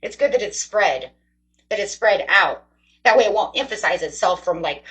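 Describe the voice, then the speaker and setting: A woman's voice: mid-range voice, lively intonation, normal speed, fairly bright tone, poor audio. A woman giving a casual tarot reading to her viewers, chatty, rambling and encouraging. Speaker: tarot reader.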